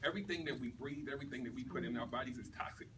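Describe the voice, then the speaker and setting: A man giving an animated testimonial to a responsive group. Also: medium pitch, very fast. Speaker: testimonial speaker. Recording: distant mic with background noise.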